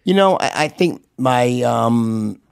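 Guest, man, middle-aged, New York accent; gravelly, animated, swears freely, restarts sentences. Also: medium pitch, takes it slowly, no echo, studio quality. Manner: animated, profane, loud impressions with repeated restarts. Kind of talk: candid storytelling in conversation.

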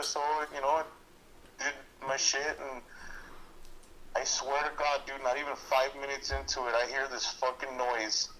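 A man's voice: medium pitch, little pitch movement, moderate pace, sharp tone. A man in casual podcast chat, telling an embarrassing story, swearing freely and laughing a lot. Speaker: podcast guest. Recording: noisy podcast recording.

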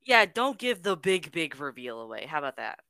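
A woman's voice: deep voice, big pitch swings, bright, forceful tone, no echo, clean studio sound. A woman co-hosting a podcast, casually chatting and cutting in with questions. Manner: interjecting with questions, quick laughs. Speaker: podcast co-host. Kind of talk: casual chat.

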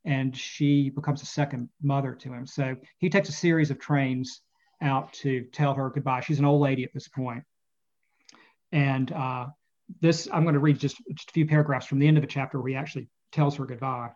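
A man, an author and interview guest, talking about his novel and reading passages from it, with halting speech full of fillers and repeated words, on muffled lo-fi audio. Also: medium pitch, steady tone, a little mellow.

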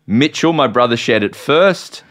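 An Australian man hosting a podcast, telling a story in an excitable, rambling, self-mocking way. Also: medium pitch, a little slow. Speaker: podcast host. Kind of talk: casual podcast chat.

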